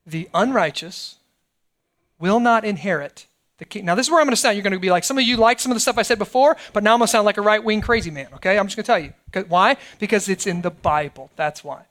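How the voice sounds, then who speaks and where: A middle-aged pastor preaching a sermon in a conversational way, often checking in with the congregation. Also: male voice, sits high, quick pace, fairly bright tone. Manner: conversational preaching, frequent "right?" asides.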